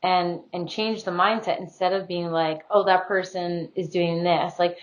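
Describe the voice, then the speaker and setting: A woman's voice: lowish voice, steady tone, unhurried, lo-fi sound. A woman in her thirties hosting a casual podcast conversation, reflective and earnest, often acting out remembered conversations. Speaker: podcast host.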